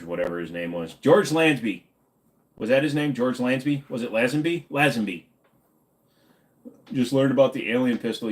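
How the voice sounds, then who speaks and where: A man hosting a casual livestream, reading chat questions aloud and answering them in an offhand, joking way. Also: on the low side. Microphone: desk microphone.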